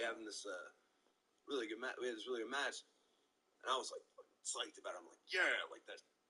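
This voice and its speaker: A man's voice: lowish voice, noisy background. A man, a pro wrestler, telling stories in casual, rambling speech full of fillers and swearing. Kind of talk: casual storytelling. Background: loud music.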